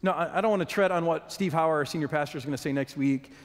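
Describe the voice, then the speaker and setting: A man's voice: on the high side, quick pace. A man preaching a sermon as a pastor, earnest, often restarting and repeating words as he goes. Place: church hall. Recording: long hall reverb.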